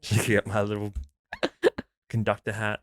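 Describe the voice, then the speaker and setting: A man, co-hosting a podcast in casual chat, laid-back, swearing offhandedly and reading articles aloud haltingly. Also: fairly low pitch, monotone, dry recording, clean studio sound. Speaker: podcast co-host.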